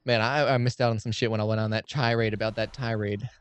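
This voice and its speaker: A man's voice: lowish voice, quick pace, clear, resonant tone. A young man rambling and swearing freely through casual commentary while playing a game. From United States. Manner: rambling, profane, excitable ranting. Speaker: let's play streamer.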